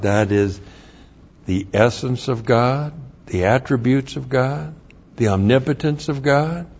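Male preacher, unhurried delivery, dull muffled recording, plain asides between scripture readings. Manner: reads scripture aloud, then explains in plain asides; grows louder and higher when excited. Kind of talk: sermon.

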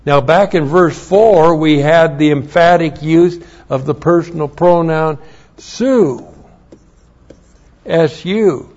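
A man's voice: fairly high pitch, takes it slowly, darkish tone. A man preaching a verse-by-verse Bible teaching sermon. He speaks in an emphatic way, repeats key phrases and spells out Greek words. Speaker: pastor. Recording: dull lo-fi sermon recording.

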